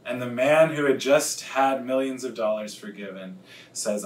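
A man, a pastor, preaching a sermon in an earnest, confessional way and slowing down to stress key words. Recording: echoey room, distant mic, faint rumble.

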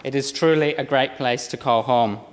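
Scottish-accented man giving a parliamentary speech. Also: mid-range voice. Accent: lowland Scottish, softened by Australia. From Scotland. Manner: measured, read-out oratory with occasional slips. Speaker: member of parliament. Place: parliament chamber. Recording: long reverb of a large chamber.

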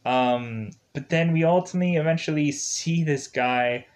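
A man's voice: on the high side, normal speed. A man giving a casual film review, rambling along with lots of fillers and chuckling as he retells scenes.

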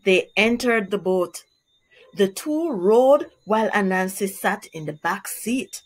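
A woman teacher reading a storybook aloud to young children in a slow, expressive way. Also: mid-range voice.

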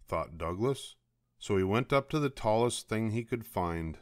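Older man, grandfatherly storybook reader, low voice with lots of lilt, dry close sound. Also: dry recording. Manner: slow, expressive read-aloud. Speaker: children's book reader. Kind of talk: bedtime story reading.

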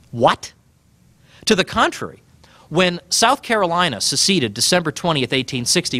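A man giving a public talk about his book, animated and sardonic, pressing his points with emphasis. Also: high voice, no echo. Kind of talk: public speech.

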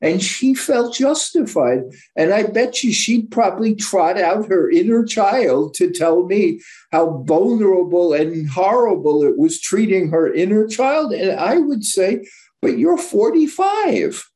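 A man's voice: high-pitched, animated, a little slow, hardly any pauses, mellow. A man who is a psychologist, giving a candid, blunt informal lecture with frequent stumbles and self-corrections. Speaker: psychologist and guest speaker.

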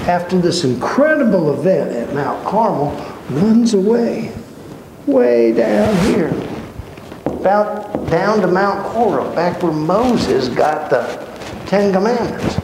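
A man teaching a Bible study, telling the stories with lively acted-out dialogue. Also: high-pitched. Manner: animated storytelling, acting out dialogue in voices. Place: church hall. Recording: echoey room with background noise.

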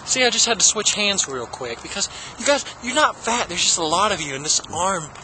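Young guy, high animated voice, hyper goofball vlogger riffing on silly tangents. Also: fairly quick, noisy background. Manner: giggles often. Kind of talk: comedic impression vlog.

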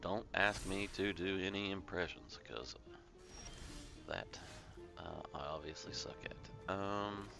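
A man in casual card-game commentary, wandering into joking asides. His voice is deep and gravelly with fry. Game music plays clearly behind him. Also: takes it slowly. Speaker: gameplay commentator.

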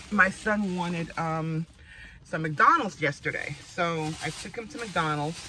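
Bright-voiced chatty woman in her forties. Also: on the low side, a little hiss or hum, rough recording. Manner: chatty, rambling, laughs often. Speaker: vlogger. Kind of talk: casual chat.

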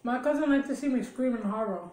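Woman chatting and laughing while eating, kinda high voice, echoey room. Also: quick pace, darkish tone. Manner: chatty storytelling with laughs and chewing sounds. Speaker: mukbang vlogger. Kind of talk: casual chat while eating.

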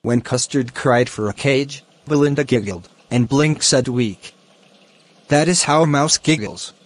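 A man teaching a poem, explaining its lines and word meanings slowly and deliberately. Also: mid-range voice. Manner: slow, deliberate, glossing words one by one. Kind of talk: educational explanation.

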